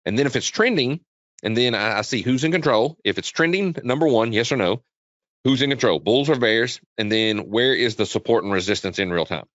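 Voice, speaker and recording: A man's voice: medium pitch, expressive, a little fast, a bit bright, dry recording. A man presenting a trading webinar in a casual, repetitive way, often quizzing his listeners, on dull lo-fi webinar audio. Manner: chatty, repetitive, asks the audience questions. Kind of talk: casual live chart walkthrough.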